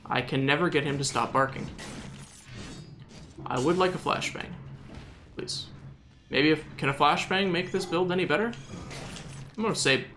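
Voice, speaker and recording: Young Southern man, rambling jokey gameplay commentary, slightly high voice. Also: normal speed, pauses often, a bit bright, faint music behind. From Southern United States. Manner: joking, exasperated, rambling.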